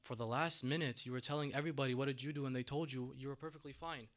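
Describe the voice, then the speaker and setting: A man giving a sermon in a mosque, telling a story dramatically, swinging between hushed and raised delivery. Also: medium pitch, steady tone, fast. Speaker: mosque lecturer.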